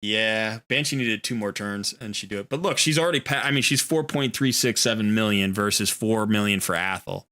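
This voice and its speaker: A man's voice: fairly low pitch, a little fast, hardly any pauses, sharp tone. A man streaming a video game live, talking casually in a rambling, easygoing way and often correcting himself.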